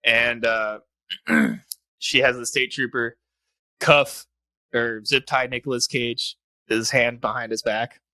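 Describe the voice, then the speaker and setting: Bright-voiced young man retelling a movie. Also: mid-range voice, takes it slowly, pauses often, dry recording. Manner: animated retelling, heavy swearing, frequent laughter. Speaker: podcast co-host, film reviewer. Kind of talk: casual chat.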